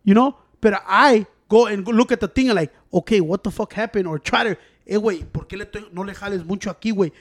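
A man's voice: high-pitched, quick pace, hardly any pauses. A man talking heatedly in casual chat, swearing often. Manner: heated, mixes Spanish and English, swears.

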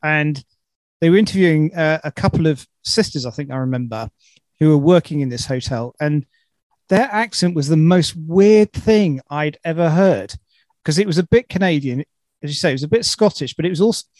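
A man's voice: a little high, animated, normal speed, a little mellow, dry recording. A man hosting a casual interview, chatty and enthusiastic, often repeating words as he starts a thought. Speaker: podcast host.

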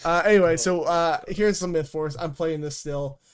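A man's voice: on the high side, moderate pace, smooth. A young man hosting a casual gaming podcast, sarcastic and crude, talking loosely with lots of fillers. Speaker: podcast host.

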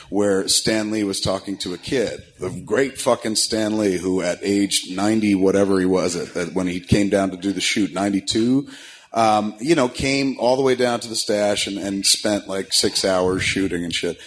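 A man with a lowish voice hosts a casual podcast chat, telling stories full of profanity and slipping into quick impressions of other people. A faint noise sits under the recording. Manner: profane, storytelling, animated impressions. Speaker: podcast host.

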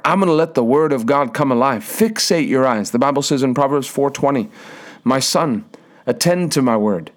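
A young male preacher in full sermon flow, mid-pitched and emphatic. He circles back to the same phrases again and again and stumbles over restarts as he drives his point home. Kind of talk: sermon with a personal story.

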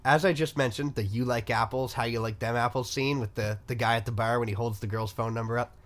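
A young man co-hosting a casual movie podcast, relaxed and slangy, saying "like" a lot. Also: medium pitch, fast talker. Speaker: podcast co-host.

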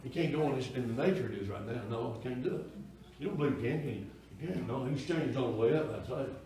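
A man, a pastor preaching a folksy sermon in a church that swells into loud cries. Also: mid-range voice, animated, fast talker. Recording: echoey church room from far off.

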